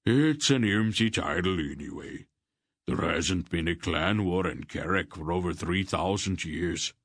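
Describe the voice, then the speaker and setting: A man reading the part of a gruff warrior earl who waves off his own titles. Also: deep voice, measured pace, no echo, clean studio sound. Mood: dismissive.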